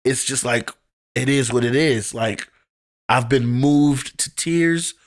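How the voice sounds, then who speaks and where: A man's voice: mid-range voice, takes it slowly. Candid young man telling stories. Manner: candid, heartfelt storytelling with casual profanity. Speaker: podcast guest, poet and teacher. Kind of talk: casual podcast conversation.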